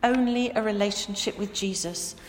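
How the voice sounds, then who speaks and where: A woman pastor preaching a sermon in a church, earnest and emphatic, slowing down to stress key words. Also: mid-range voice. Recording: echoey church with long reverb.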